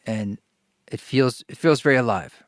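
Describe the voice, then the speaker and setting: Animated stammering male storyteller. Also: mid-range voice, normal speed, no echo, studio quality. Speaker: podcast guest, kirtan musician. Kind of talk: casual storytelling conversation.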